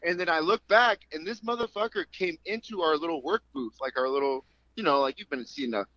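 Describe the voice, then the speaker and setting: A man in his thirties, an MMA fighter guest on a remote call, telling stories in an animated, profane way and acting out the voices in them. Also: on the high side, a little fast, dry recording. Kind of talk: casual storytelling interview. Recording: dull call audio.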